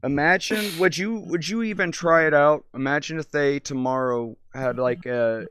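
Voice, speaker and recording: A man's voice: on the high side, a crowd in the background. A man streaming and chatting casually, telling rambling stories and often stopping to hunt for words. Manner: meandering, halting, searches for words.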